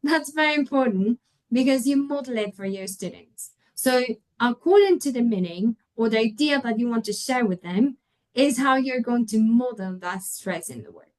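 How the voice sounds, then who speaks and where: A woman's voice: fairly high pitch, lively intonation, normal speed, a little mellow, low-quality recording. A woman whose first language is Spanish, giving a webinar lecture to teachers, patiently explaining and modelling example words aloud, often checking in with tag questions. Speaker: English teacher trainer.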